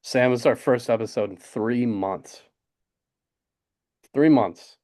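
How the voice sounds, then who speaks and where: A young man in his twenties co-hosting a casual sports podcast, excited and rambling with lots of fillers. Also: mid-range voice, takes it slowly, dry recording, clean studio sound. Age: 20s. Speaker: podcast co-host. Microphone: desk podcast mic.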